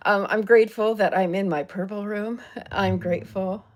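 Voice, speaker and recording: A woman's voice: medium pitch, fairly even intonation, moderate pace. An older woman from Southern California hosting a live-stream chat from her purple room at home, upbeat and chatty, greeting viewers by name. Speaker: livestream host.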